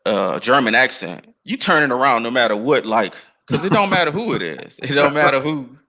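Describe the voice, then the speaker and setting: A man's voice: mid-range voice, animated, brisk, bright, forceful tone. An American man chatting casually on a podcast, telling stories in a laid-back, slangy way. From United States. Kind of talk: casual chat.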